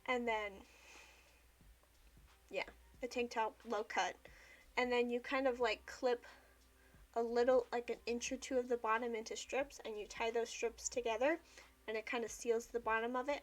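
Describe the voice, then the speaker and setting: A woman's voice: fairly high pitch, fairly even intonation, normal speed. A young woman livestreaming while she journals, chatting casually and often saying "like". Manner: chatty, filler-heavy with frequent "like".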